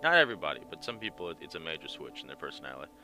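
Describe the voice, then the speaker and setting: A man with a very deep voice gives candid, earnest commentary while playing a story game. He speaks plainly and directly. Game music plays clearly behind him. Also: very animated, racing. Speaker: gamer.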